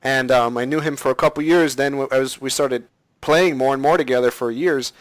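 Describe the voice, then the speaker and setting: A man hosting a casual podcast, rambling with many fillers and getting animated when he tells a story. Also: mid-range voice, brisk, no echo, low-quality recording. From Florida. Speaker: podcast host, machinima creator. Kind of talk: casual chat.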